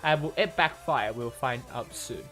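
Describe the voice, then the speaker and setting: A man casting an esports match on a livestream, his pitch sitting in an ordinary middle range. He talks in a loose, rambling way, stumbling over words and restarting often. Faint music plays underneath. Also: pushed and bright. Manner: rambling, halting, many fillers and restarts. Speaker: stream caster. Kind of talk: live esports commentary.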